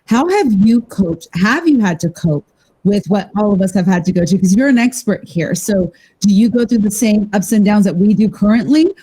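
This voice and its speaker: Chatty gushing woman host, mellow soft tone, rambles on. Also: medium pitch, animated, normal speed, breathy edge, rough recording. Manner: effusive, rambling, warmly enthusiastic. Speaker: podcast host. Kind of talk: casual interview chat.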